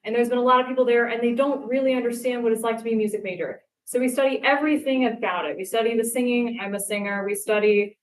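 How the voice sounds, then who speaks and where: A woman's voice: fairly high pitch, fast, hardly any pauses. A young woman performing a stand-up comedy set, telling stories and acting out the lines she quotes. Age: young adult. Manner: animated storytelling, acts out quotes. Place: live comedy show stage. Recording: echoey live venue.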